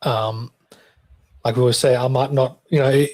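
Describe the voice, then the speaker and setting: A man's voice: mid-range voice, steady tone, moderate pace, darkish tone. A man from South Africa hosting a casual podcast, telling stories in a loose, friendly way with many restarts. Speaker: podcast host. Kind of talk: casual chat.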